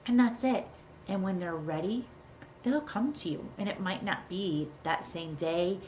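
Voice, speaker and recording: A woman's voice: fairly low pitch, expressive, unhurried, a little mellow, slight background noise. A middle-aged woman, a parenting coach, giving earnest advice to camera and repeating key words for emphasis. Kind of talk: talking-to-camera advice video.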